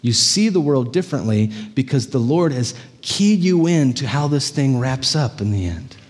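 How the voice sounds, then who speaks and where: A man preaching a sermon as pastor, telling stories in an animated way and checking in with the congregation. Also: mid-range voice, moderate pace, in a large hall. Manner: animated storytelling, frequent "right?" check-ins.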